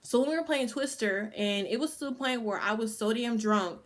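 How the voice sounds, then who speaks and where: A woman's voice: a little high, normal speed. Profane, rambling young woman telling a story. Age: 20s. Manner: casual, profane, full of "like" fillers. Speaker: vlogger. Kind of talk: casual storytime.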